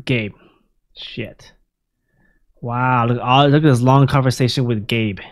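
A man talks through a story game in casual let's play commentary, at a middling pitch for a man. He reads in-game text messages aloud and reacts with swearing and chuckles, keeping the tone relaxed and off the cuff. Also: normal speed. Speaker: gameplay commentator.

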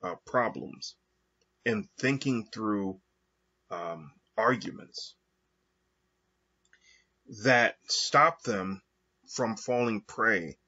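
A man talking through his thoughts alone in a slow, halting monologue with frequent pauses and fillers. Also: lowish voice, sharp tone, slightly rough. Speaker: podcast host. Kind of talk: reflective monologue. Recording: dull lo-fi recording.

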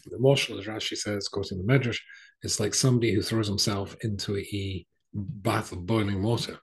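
Middle-aged male rabbi telling a story in a sermon, husky gravelly voice, lots of ums. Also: lowish voice, fairly even intonation, moderate pace. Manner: conversational, with frequent fillers and restarts.

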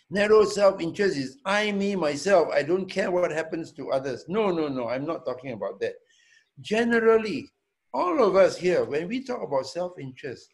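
A man, a hotel owner, answering students' questions in a Q&A, deliberate and emphatic, often checking in with a quick "yeah?" and repeating words for emphasis. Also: a little high. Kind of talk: Q&A talk.

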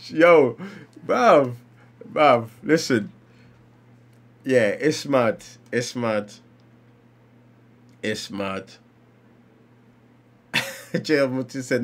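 Animated streamer, lively voice. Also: male voice, medium pitch, drawn-out words, pauses often. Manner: animated, exclaiming and laughing while reacting. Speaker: livestreamer reading comics. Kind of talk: casual live-stream commentary.

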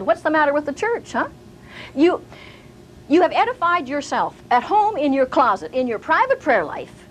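A woman's voice: high voice, a little hiss or hum, poor audio. An older woman teaching a sermon, telling stories and acting out the voices of the people in them. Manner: animated storyteller, acting out quoted voices. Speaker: Bible teacher.

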